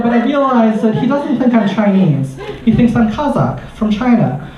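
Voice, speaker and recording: A man, a researcher doing stand-up, telling a comic story on stage in an animated way and laughing at his own lines. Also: very high voice, moderate pace, hardly any pauses, crowd noise, background noise. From United States. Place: live comedy venue. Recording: distant, roomy, muffled live recording.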